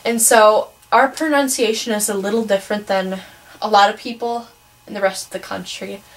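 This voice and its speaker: A woman's voice: mid-range voice, fairly even intonation, moderate pace, rough recording. A teenage girl from Wisconsin talks with a Midwestern American accent. She rants casually and with strong opinions. She fills her talk with ums and sos. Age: teens. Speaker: vlogger. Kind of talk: casual ranting vlog.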